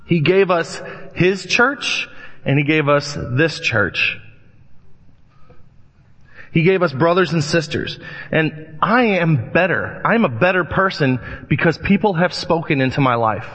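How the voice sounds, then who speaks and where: A man preaching a sermon, reading scripture and telling lively anecdotes as he acts out voices in the stories. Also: a little high, measured pace. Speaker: pastor. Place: church sanctuary. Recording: long church reverb, dull lo-fi sound.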